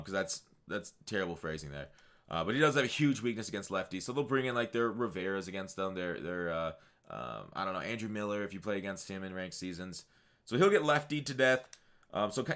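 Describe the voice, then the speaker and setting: A man's voice: lowish voice, a bit bright. A man hosting a gaming channel, talking casually through his picks with lots of fillers and restarts. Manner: rambling, many fillers and self-corrections. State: hiccuping. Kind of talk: casual video game commentary.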